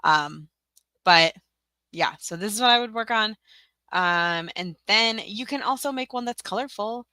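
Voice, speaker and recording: A woman's voice: medium pitch, a little slow, pushed and bright, no room sound. A woman from Tennessee hosting a casual livestream tutorial, chatty and giggly, rambling with lots of fillers. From Tennessee, USA. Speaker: livestream host.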